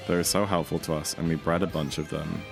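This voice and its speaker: A young British man chatting casually while streaming a speedrun, rambling with sudden excited outbursts. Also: a bass voice, fast, gravelly, music in the background. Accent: British English. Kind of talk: casual livestream chat.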